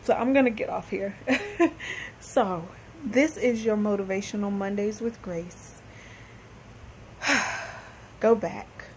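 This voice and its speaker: A woman's voice: mid-range voice, slow pace, pauses often, a little mellow, a little hiss or hum, low-quality recording. Earnest, tearful woman giving encouragement. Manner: earnest, heartfelt, faith-based encouragement; emotional, holding back tears. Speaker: motivational speaker and host. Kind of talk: motivational vlog address.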